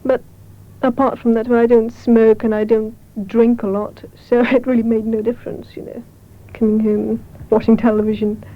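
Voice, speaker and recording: A woman's voice: a little high, normal speed, dull audio. A woman in her twenties giving a matter-of-fact personal account, on a thin 1970s radio recording. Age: 20s. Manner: even, matter-of-fact, light laughs. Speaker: interviewee.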